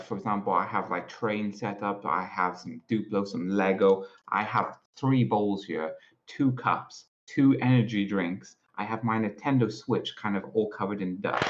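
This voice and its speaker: A man's voice: on the low side, fairly bright tone. A man co-hosting a podcast, joking and teasing casually. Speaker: podcast co-host. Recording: dull lo-fi mic.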